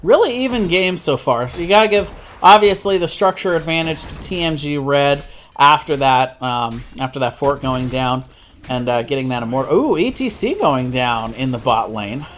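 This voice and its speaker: A man doing live play-by-play commentary on an esports match, steady with frequent self-corrections. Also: mid-range voice, moderate pace, slight background noise. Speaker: esports caster.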